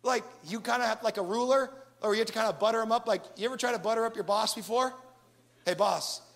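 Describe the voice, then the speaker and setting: Male pastor, high voice with gravel, animated sermon delivery. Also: very fast. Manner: animated preaching with acted-out asides.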